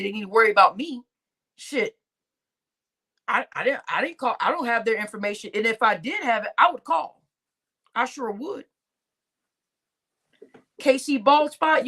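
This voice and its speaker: In a little-high, fairly bright voice, a woman rants casually on a live stream she hosts. Her talk is slangy, blunt and full of profanity, and she scolds people while laughing between comments.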